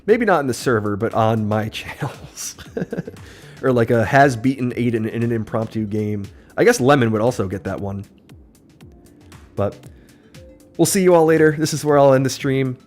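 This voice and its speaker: Excitable male gaming streamer. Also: medium pitch, moderate pace, long pauses. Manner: upbeat, excitable play-by-play. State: voice slightly worn. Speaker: livestreamer. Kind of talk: live gameplay commentary. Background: faint game music.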